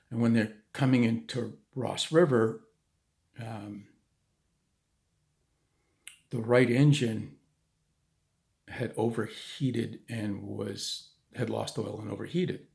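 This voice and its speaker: Gravelly man telling a story. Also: lowish voice, extremely slow, pauses often, darkish tone. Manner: conversational, with frequent restarts and asides. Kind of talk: casual spoken storytelling.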